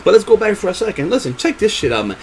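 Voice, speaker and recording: Fired-up high-pitched man ranting. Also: big pitch swings, rapid-fire, a little mellow, a little hiss or hum. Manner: profane, passionate, many repeated words and fillers. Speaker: gaming vlogger. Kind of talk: unscripted rant to camera.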